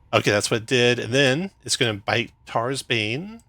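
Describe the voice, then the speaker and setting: A young man runs a tabletop game as its dungeon master. His voice sits in the middle range but rings bright and forward. He calls hits and damage briskly, chuckling now and then. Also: medium pitch, animated, dry recording. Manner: brisk rules-calling with chuckles.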